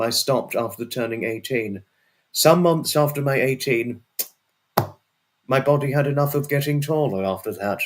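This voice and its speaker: A man hosting a casual livestream and chatting with viewers. He rambles and repeats himself, and now and then breaks into a sweary outburst. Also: medium pitch. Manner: rambling and repetitive, often restarts and repeats phrases. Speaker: livestream host. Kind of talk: casual livestream chat, answering viewers' messages.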